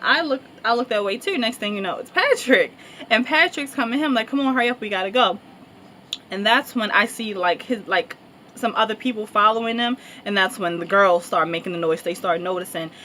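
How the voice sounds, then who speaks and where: A young woman with a slightly high voice tells a casual, rambling storytime to her viewers, loaded with fillers. A faint hiss of noise sits under her voice. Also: pushed and bright. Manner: chatty, rambling, lots of fillers and laughter. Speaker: vlogger.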